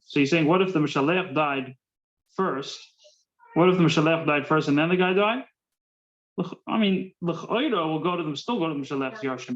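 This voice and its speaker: Male rabbi teaching a Talmud class; high-pitched voice, slightly muffled recording. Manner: mixes Hebrew-Yiddish terms into English, repeats words while thinking.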